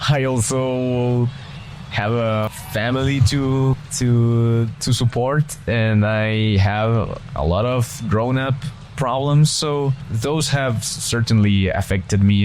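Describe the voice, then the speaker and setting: A man's voice: mid-range voice, a little mellow, a little hiss or hum. A young man with a foreign accent, talking casually over gameplay in a rambling way, restarting sentences and drifting between tangents. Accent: non-native English, foreign accent. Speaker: gaming channel co-host.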